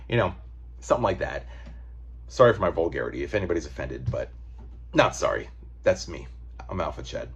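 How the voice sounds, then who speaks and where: A man's voice: sits low, very animated, brisk, pauses often, muffled recording, slight background noise. A man giving a casual, rambling comic book review, loose and profane.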